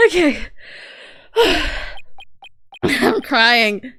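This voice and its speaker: A woman's voice: high voice, big pitch swings, extremely slow, vocal fry, sharp tone. A young adult woman giving casual gameplay commentary, giggling and laughing constantly. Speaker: let's play host.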